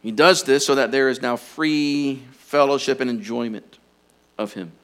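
Male pastor, mid-sermon, earnest and pressing, goes quiet for emphasis. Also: medium pitch, measured pace, clean tone. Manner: earnest, urging, drops to quiet intensity on key points.

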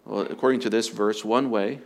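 A man's voice: fairly low pitch, steady tone, a little fast, creaky. A man preaching as a pastor, earnest and emphatic, often repeating his phrases for stress. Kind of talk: sermon on marriage.

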